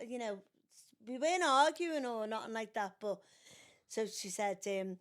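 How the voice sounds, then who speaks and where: Animated older woman telling stories. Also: on the high side, normal speed. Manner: animated storyteller acting out quotes in raised voices. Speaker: podcast guest, mother of the host. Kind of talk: casual storytelling chat.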